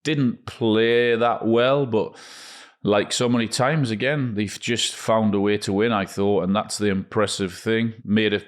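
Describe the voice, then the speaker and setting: A man, co-hosting a football podcast and giving plain, measured analysis. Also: lowish voice, fairly even intonation. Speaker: podcast co-host. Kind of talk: casual football podcast chat.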